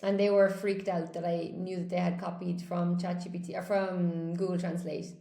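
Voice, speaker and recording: A woman's voice: lowish voice, flat delivery, normal speed, creaky, dark tone, echoey room. A woman teaching a live online English lesson, chatting and answering viewer comments as she goes, often repeating words for emphasis.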